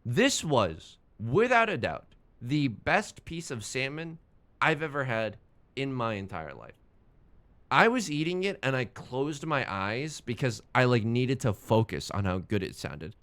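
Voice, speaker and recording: A man's voice: medium pitch, big pitch swings, unhurried, fairly bright tone. A young man streaming a game, chatting casually in a rambling, self-mocking way and swearing when the game frustrates him. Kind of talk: casual gaming stream chat.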